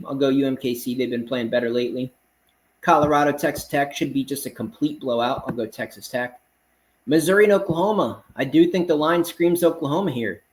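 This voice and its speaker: A man's voice: medium pitch, rough recording. Brash man firing off betting picks. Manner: confident, blunt, brash, calls listeners man. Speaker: sports betting picks host. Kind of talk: casual rapid-fire betting picks monologue.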